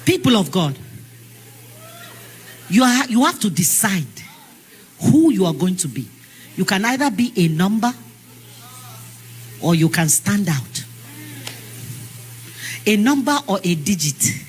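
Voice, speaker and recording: A woman's voice: medium pitch, big pitch swings, slow, pauses often. Big-voiced Nigerian woman preaching. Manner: emphatic, sing-song preaching. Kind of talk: sermon.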